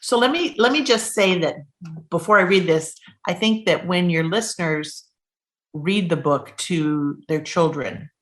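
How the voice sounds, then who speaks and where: A woman children's author chatting in an interview and reading her picture book aloud in a lively, animated way. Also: lowish voice. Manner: lively, quick talk with animated storybook reading.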